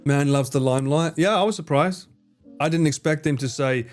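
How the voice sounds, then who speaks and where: A young man live streaming, chatting casually with viewers, swearing freely and acting out his friends' lines in higher voices. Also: expressive, a little fast, faint music behind. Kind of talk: casual chat answering viewers.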